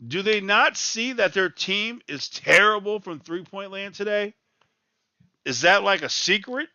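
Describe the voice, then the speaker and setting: A man's voice: high voice, measured pace, bright, forceful tone, dry recording, lo-fi sound. A man ranting in exasperation as he reacts live to a college basketball game, repeating his complaints. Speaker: sports talk host.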